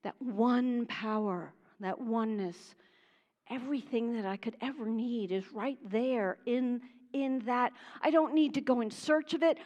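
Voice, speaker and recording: Woman minister from Pennsylvania, high voice, animated sermon with hushed passages, reverberant hall. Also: measured pace, muffled recording. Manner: animated, laughing, drops to hushed tones. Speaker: guest minister. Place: church sanctuary.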